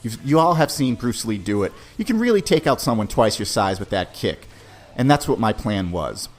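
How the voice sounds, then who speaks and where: A man hosting a podcast, telling a personal story in a laid-back, casual way, often saying "man". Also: medium pitch. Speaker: podcast host.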